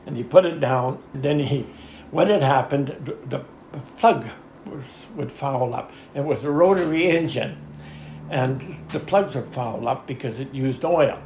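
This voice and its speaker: A man's voice: medium pitch, measured pace, darkish tone. An older man tells a long rambling story in an interview, often saying "anyhow" and chuckling along the way. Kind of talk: oral history storytelling. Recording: echoey room with faint ambient noise.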